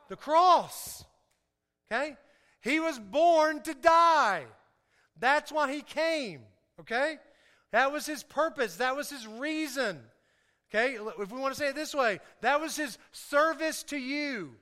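Pastor, male, high bright voice, lively joking sermon, echoey church hall. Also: smooth. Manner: lively, joking, calls for audience response.

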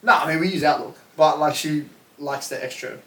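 A man's voice: fairly high pitch, sharp tone. A man, co-hosting a podcast in casual, sweary chat. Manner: chatty, swears, quick interjections. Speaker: podcast co-host. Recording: echoey room, distant mic, faint noise.

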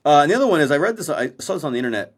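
Talking over a video call from Maui, this podcast co-host is blunt, swears freely, and describes himself as a verbal processor in their casual chat. His voice is a little high with big pitch swings, and he races along with a breathy edge.

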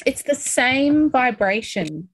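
A woman coaching a group on a call, upbeat and encouraging, talking through feelings and sometimes acting out excitement. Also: high-pitched, slow pace, husky, dry recording. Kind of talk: motivational coaching talk.

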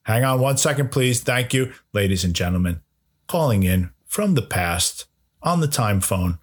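Brief: a playful male comedy podcast host, husky voice, animated delivery. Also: medium pitch, moderate pace. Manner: playful, mock-announcer flourishes.

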